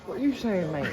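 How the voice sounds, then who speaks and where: A young woman bantering with birds in casual slang, laughing as she goes. Her voice is high and bouncy in pitch. Loud music fills the background. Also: poor audio. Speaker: vlogger's companion. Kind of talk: casual chat.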